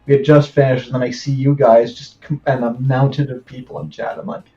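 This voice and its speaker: A man's voice: medium pitch, level tone, a little fast, lo-fi sound, heavy background noise. A man co-hosting a casual stream, chatting easygoing and reading out viewer questions. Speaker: stream co-host reading chat. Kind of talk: casual chat on a live stream.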